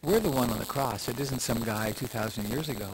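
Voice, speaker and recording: A man's voice: mid-range voice, brisk, slight background noise, rough recording. An older man, a meditation teacher, giving a reflective, meandering dharma talk full of restarts and asides.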